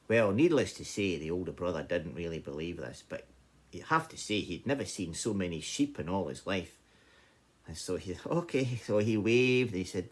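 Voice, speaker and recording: A Scottish man telling an old folk tale in a lively, conversational way. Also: low voice, moderate pace, breathy edge. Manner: animated, conversational narration. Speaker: storyteller. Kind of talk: oral folk-tale storytelling.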